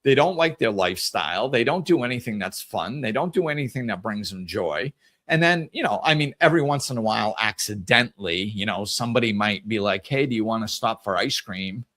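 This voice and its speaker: A man hosting a podcast in a casual solo monologue, telling stories in an animated way and repeating phrases for emphasis. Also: on the low side, a little fast. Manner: animated storytelling, acts out conversations. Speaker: podcast host.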